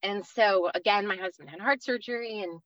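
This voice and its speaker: A woman's voice: mid-range voice, a little fast, fairly bright tone, no echo, lo-fi sound. A woman from the East Coast of the United States, in her thirties, telling an earnest personal faith story as a podcast guest, with many fillers.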